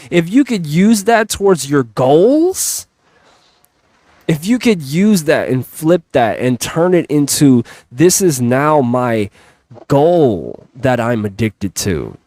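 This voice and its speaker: A man's voice: on the high side, very animated, takes it slowly, a little mellow, no echo. A man giving an earnest, emphatic motivational talk, stretching out his phrases. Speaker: motivational speaker.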